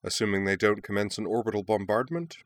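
A strained, wry male intelligence officer with gallows humor, read by a male storyteller. The voice is very deep and the recording dry. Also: fast talker, no echo, close to an everyday voice.

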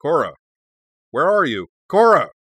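A man's voice: fairly high pitch, big pitch swings, unhurried, fairly bright tone, husky, no room sound, pitched above the performer's own voice, full character voice. A man voicing a cautious older master who sputters and pleads when flustered. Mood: alarmed.

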